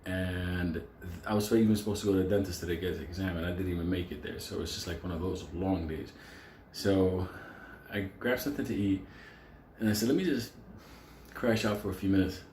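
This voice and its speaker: A man telling a profane, animated story in casual vlog style, laughing often and acting out quotes. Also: low-pitched, fairly quick, reverberant, a little hiss or hum. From New York City. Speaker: storyteller vlogger.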